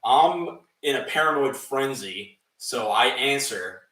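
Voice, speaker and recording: Animated young man telling a story in a roomy echo. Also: medium pitch, slow pace, recorded from a distance. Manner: animated, laughing storyteller, swearing, acts out voices. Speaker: podcast co-host. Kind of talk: casual storytelling.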